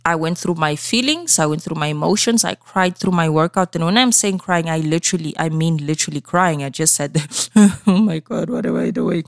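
A woman's voice: deep voice, a little fast, no room sound, studio quality. A woman hosting a solo motivational podcast from South Africa. She talks straight to her listeners in an earnest, coaching tone and keeps checking in with them. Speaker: podcast host. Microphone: studio microphone.

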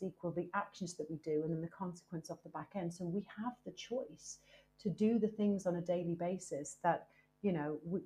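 A woman talks as a podcast guest in a low, mellow voice. She is lively and emphatic, leaning on "you know" as she goes. Her tone stays warm and unhurried. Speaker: guest, presenter and author. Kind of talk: candid podcast conversation.

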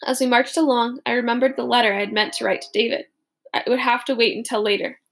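A woman reading a first-person story aloud in a steady, plain manner. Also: on the high side, fast talker, slightly rough. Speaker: audiobook narrator.

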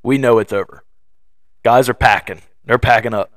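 A man's voice: mid-range voice, fairly even intonation, normal speed, a bit bright, no echo, studio quality. Young man telling racing stories casually. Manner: storytelling, acting out quoted voices; loose, filler-heavy delivery. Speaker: podcast co-host. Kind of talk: casual chat.

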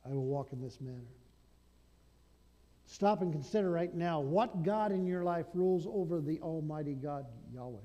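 A male pastor preaching a sermon, swinging between loud declarations and hushed asides. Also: on the high side, expressive, normal speed, big-room sound, muffled recording.

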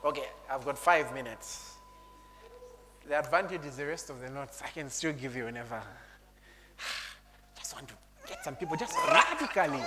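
A man preaching a sermon, animated, laughing often and breaking into shouts and tongues. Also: medium pitch, moderate pace, pauses often. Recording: long hall reverb.

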